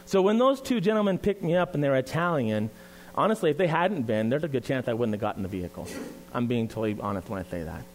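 A man's voice: medium pitch, lively intonation, fast talker, slight background noise. A man preaching in a church, reading scripture, praying and sharing his story in an earnest, conversational way. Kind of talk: sermon with scripture reading and prayer.

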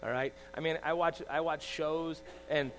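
A man's voice: on the high side, fairly even intonation, normal speed, low-quality recording. Impassioned preacher in his forties. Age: 40s. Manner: swings from loud emphatic preaching to soft confiding asides; checks in with the congregation with frequent "all right?". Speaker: pastor. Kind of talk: sermon. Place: church. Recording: faint mains hum.

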